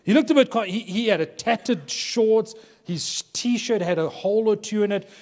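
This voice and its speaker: Man from durban, lively humorous storyteller, fairly high voice, long hall reverb. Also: normal speed. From Durban, South Africa. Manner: animated, humorous, acts out quoted people. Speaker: workshop speaker to pastors. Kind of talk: storytelling talk to a live audience. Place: large hall with an audience.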